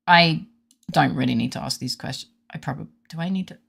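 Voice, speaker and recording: A woman's voice: sits low, quick pace, creaky, fairly bright tone, slightly rough. A woman streaming a game, joking casually with her chat and reading game lines aloud between giggles. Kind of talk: casual gaming stream commentary.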